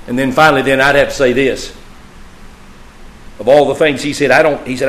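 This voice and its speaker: Male pastor, preaching style that swells loud then drops to a hush. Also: fairly even intonation, a little fast, pauses often, slight background noise, poor audio. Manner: preaching, swinging from loud emphatic peaks to low hushed phrases. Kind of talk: sermon.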